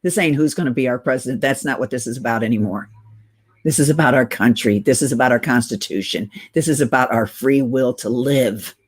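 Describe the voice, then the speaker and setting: A woman's voice: rumbling low, a little fast, breathy edge. A middle-aged woman on oxygen, short of breath, ranting urgently to her viewers in a casual conspiratorial vlog and calling them guys. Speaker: political video blogger. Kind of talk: casual direct-to-camera rant.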